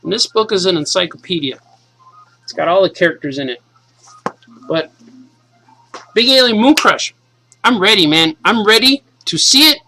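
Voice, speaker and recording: A man in his forties, a cartoonist, casually and excitedly reading his comic aloud to kids. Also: high voice, moderate pace, long pauses, soft background music, low-quality recording. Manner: enthusiastic, casual, says "man" a lot.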